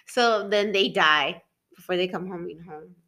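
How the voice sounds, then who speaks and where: A woman's voice: on the low side, a little slow, sharp tone. A young woman co-hosting a casual podcast, telling a story dramatically with lots of swearing and laughter. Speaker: podcast co-host. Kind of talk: casual chat.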